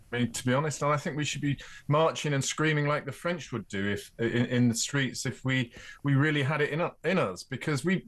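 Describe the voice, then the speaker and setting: An Englishman as a radio guest, explaining his case firmly and citing figures. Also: medium pitch. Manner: firm, explanatory, cites figures. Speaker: studio guest, commentator. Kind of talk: talk radio discussion.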